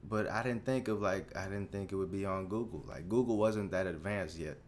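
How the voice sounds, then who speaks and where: A man in his twenties hosting a solo podcast, rambling through a story in a casual, profane, animated way, full of restarts. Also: deep voice, brisk, slight background noise. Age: 20s. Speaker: podcast host.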